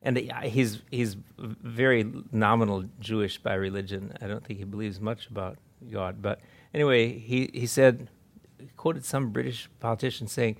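A man's voice: fairly low pitch, steady tone, moderate pace, vocal fry. A man giving an earnest, heartfelt talk, his voice breaking with emotion and with laughter. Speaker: speaker at a conference. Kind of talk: informal talk.

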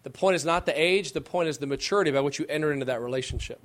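A middle-aged man, a pastor, answering questions from young women, with emphatic rising phrases and slow, deliberate stresses. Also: on the high side, noisy background.

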